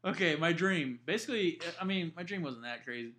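A young man telling stories in a casual chat with friends, swearing constantly and animated. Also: a little high, fairly quick. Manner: profane, animated storytelling with heavy swearing.

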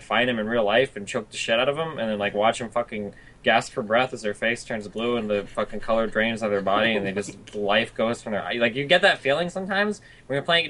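Bright-voiced young man ranting profanely. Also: mid-range voice, low-quality recording. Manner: profane rambling rant with constant filler words. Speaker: streamer hosting a chat. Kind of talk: casual chat.

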